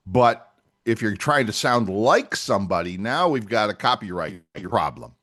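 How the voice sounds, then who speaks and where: A man's voice: fairly low pitch, animated, moderate pace, fairly bright tone. A man co-hosting a podcast in casual chat, chatty and agreeable, often backing up his co-host.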